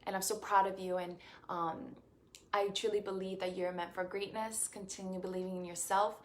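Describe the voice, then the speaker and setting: A woman's voice: mid-range voice, level tone, moderate pace. A young woman from Puerto Rico, a beauty queen answering fan questions in a casual live stream, effusive and grateful, with many fillers and restarts.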